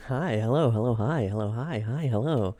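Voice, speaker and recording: A man's voice: medium pitch, unhurried, warm tone. Playful, self-mocking male streamer. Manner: repeats greetings in a singsong run. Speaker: livestreamer. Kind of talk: casual chat with live viewers.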